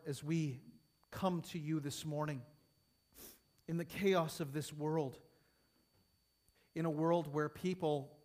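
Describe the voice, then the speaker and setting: A man preaching a sermon to his congregation, rising to emphatic peaks and falling soft, then leading a prayer. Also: a little high. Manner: emphatic, building and falling in intensity.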